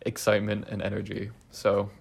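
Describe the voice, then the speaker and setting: Playful young man with gravelly voice. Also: fairly low pitch, normal speed. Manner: playful, animated, thinks out loud. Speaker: podcast co-host, resident assistant. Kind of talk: casual chat.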